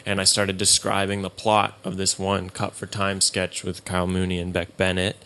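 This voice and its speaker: A male comedian telling a story in casual podcast chat, soft-spoken and halting, with many restarts. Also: low-pitched, monotone.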